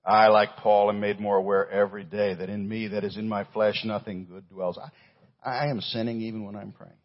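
A man preaching a sermon as pastor, swinging between loud stressed lines and hushed low phrases. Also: little pitch movement, normal speed, lo-fi sound.

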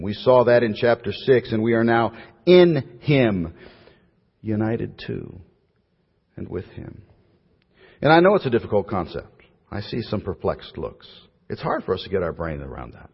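A pastor preaching a sermon, building to emphatic points and then letting his phrases trail off softly. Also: on the low side, husky. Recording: dull, echoey church hall.

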